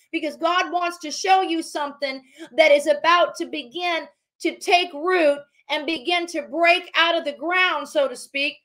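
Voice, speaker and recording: A woman preaching on a livestream with a high, bright voice. She talks fervently, repeating phrases as she decrees over her listeners. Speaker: prophetic minister.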